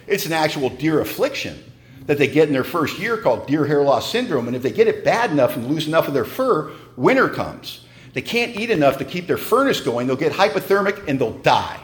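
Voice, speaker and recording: A middle-aged man telling a personal story to a meeting audience in an animated, conversational way. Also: on the high side, brisk. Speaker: speaker at a recovery meeting.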